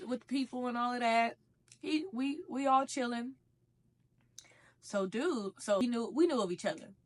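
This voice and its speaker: Slangy young woman telling a story. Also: fairly high pitch. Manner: slangy, profane, conversational storytelling. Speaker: vlogger. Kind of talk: casual storytime while eating.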